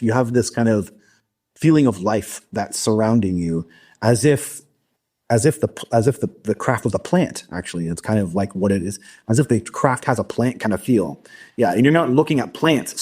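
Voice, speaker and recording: A man recounting a personal experience in a halting, casual interview style, with frequent restarts. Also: lowish voice, warm tone, husky. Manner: halting, many restarts and fillers. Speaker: guest recounting an abduction experience.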